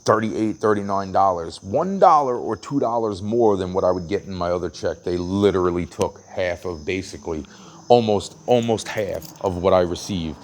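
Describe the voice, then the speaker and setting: Standing outdoors at a night-time train station, a man vlogs a lengthy story as a rant, cursing heavily, starting sentences over, and performing the quotes. His voice sits low and moves at normal speed.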